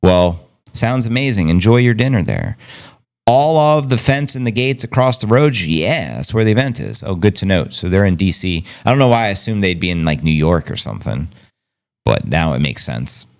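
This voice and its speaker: A man's voice: low-pitched, expressive, moderate pace, gravelly. A man hosting a live stream, chatting casually and reading viewers' comments aloud. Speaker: livestream host. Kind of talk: casual livestream chat.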